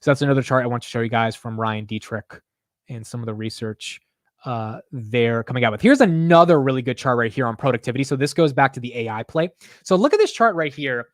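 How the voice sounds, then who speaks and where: A man hosting a live market show, talking casually in an animated, profane, self-mocking way. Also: mid-range voice, a little fast, dry recording, clean studio sound. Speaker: market livestream host.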